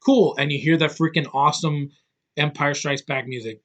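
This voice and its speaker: A man's voice: on the high side, steady tone, moderate pace, lo-fi sound. Blunt, rambling man in his thirties. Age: 30s. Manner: blunt, profane, rambling with many fillers. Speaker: movie reviewer. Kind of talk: casual rant-style film review.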